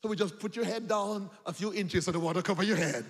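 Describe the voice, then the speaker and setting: A man preaching a sermon, telling stories, dropping to a hush for quotes and rising to shouts. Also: high voice, quick pace, in a large hall. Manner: swings from hushed quoting to shouted exclamations. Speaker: evangelist preacher. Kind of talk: sermon with storytelling. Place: church or hall.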